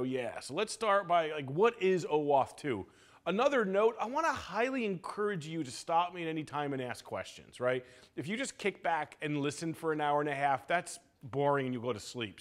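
A man teaching a security class at a conference, joking and energetic as he talks to the room. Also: high-pitched. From United States. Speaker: security instructor. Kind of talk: conference lecture. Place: lecture room.

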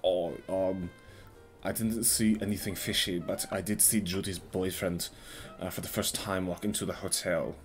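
Guy doing a deep-voiced nervous hotel witness, fake german accent, lots of ums. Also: fairly even intonation, soft background music. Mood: hesitant. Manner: hesitant, halting with ums.

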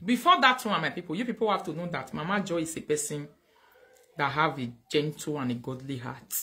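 A woman with a Nigerian Pidgin English accent hosting a casual livestream, animated, thanking viewers loudly and switching into Pidgin. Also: low voice, brisk. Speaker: livestream host.

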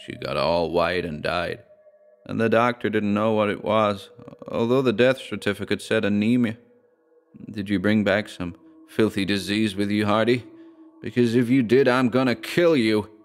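A man's voice: on the low side, little pitch movement, normal speed, soft background music, natural voice. A man voicing a drunk, grieving man who speaks in a dull, expressionless, menacing way. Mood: dull menace.

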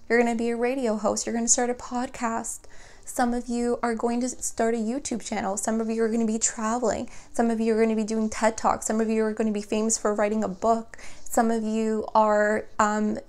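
A woman's voice: fairly high pitch, darkish tone. A woman giving a spiritual tarot reading, talking earnestly and encouragingly straight to her viewers, with many fillers. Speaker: tarot reader.

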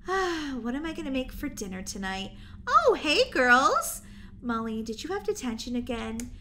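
Woman voicing a calm, practical mom. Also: high-pitched, moderate pace, slight background noise, voice pushed down, full character voice. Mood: concerned. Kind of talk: Roblox role-play voice acting.

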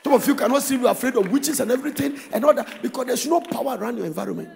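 A man with a Ghanaian English accent preaching a sermon as pastor, swinging between shouted, sing-song exhortation and quieter storytelling. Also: very high-pitched, expressive, rapid-fire, vocal fry, big-room sound, a crowd in the background. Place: church hall.

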